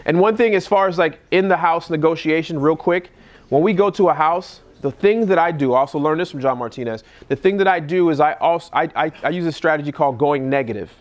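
Man, real estate investor, casual seminar talk, fairly high voice, acts out phone calls. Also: fast talker. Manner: animated, acts out calls in a higher voice. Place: live event room.

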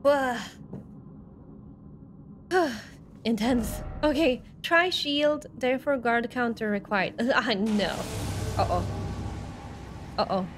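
A woman's voice: fairly high pitch, takes it slowly, over music. A woman streaming a game live, chattering nervously and yelping when startled. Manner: excitable, jumps between nervous chatter and yelping. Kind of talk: live gameplay commentary.

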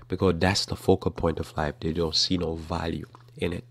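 A man with a very low, gravelly voice gives an earnest, conversational sermon. He leans on repetition to drive his points home. The sound is close and dry, with no room around it. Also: fairly even intonation, brisk, hardly any pauses, no room sound. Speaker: preacher. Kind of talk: casual teaching sermon.

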